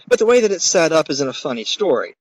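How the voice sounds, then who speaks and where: A man's voice: a little high, very animated, fast, a little hiss or hum, low-quality recording. A man giving a recorded course lecture in a conversational, emphatic way, with occasional fillers.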